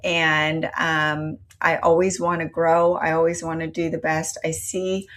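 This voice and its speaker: A woman's voice: sits low, little pitch movement, unhurried, a bit bright. A middle-aged woman, a company founder, answering interview questions with an earnest storytelling manner and some fillers.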